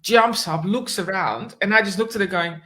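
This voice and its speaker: A woman's voice: medium pitch, normal speed. A woman guest on a conversational interview, telling a personal story and acting out the dialogue in it. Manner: animated, acts out quoted dialogue, warm laughs. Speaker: guest, animal communicator.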